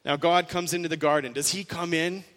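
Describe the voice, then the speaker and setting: A man's voice: a little high, steady tone, fairly quick, a bit bright, in a large hall. A male pastor preaching an earnest sermon, voicing quoted lines with rising emphasis.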